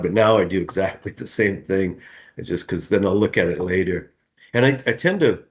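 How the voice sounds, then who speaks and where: Low-voiced man rambling about writing. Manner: rambling, repeats words, laughs often. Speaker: author, interview guest. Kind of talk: relaxed conversational interview answers. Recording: dull, muffled sound.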